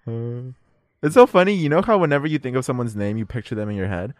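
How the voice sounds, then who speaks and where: A young man co-hosting a podcast, chatting casually and joking in bursts of high mock voices. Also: quick pace, dry recording. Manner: lively, laughing, slips into high mocking voices. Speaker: podcast co-host. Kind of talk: casual chat.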